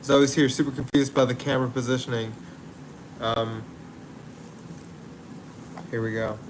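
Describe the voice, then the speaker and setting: A man's voice: medium pitch, steady tone, unhurried, background noise. Easygoing man chatting on a livestream. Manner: easygoing, rambling, laughs easily. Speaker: livestream host. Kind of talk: casual livestream chat, reading viewer comments.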